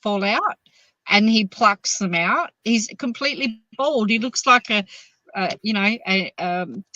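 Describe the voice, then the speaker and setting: A woman's voice: mid-range voice, measured pace, no room sound, lo-fi sound. A woman, rambling through stories as a podcast host. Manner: rambling, animated storyteller. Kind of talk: casual chat.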